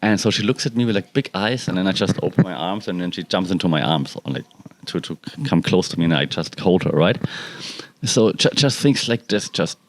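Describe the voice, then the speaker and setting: A low-pitched, brisk male voice belongs to a cat owner hosting a casual solo podcast from his balcony at home. He's relaxed and rambling, turning to speak to his cats in the middle of sentences.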